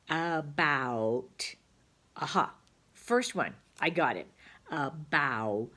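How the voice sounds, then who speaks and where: A woman's voice: deep voice, animated, drawn-out words, sharp tone. A woman teaching a phonics lesson to young children, patiently sounding out words aloud.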